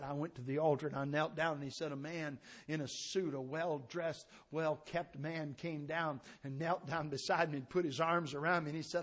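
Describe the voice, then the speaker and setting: Male preacher with a high, bright voice, delivering an impassioned sermon that surges into shouts and sinks low. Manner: impassioned, rising to shouts then dropping low.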